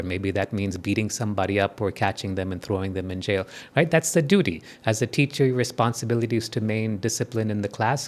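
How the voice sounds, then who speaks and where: Man giving a chatty spiritual talk. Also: lowish voice. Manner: conversational, peppers points with tag questions to the audience. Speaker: spiritual speaker. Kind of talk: spiritual talk to a live audience.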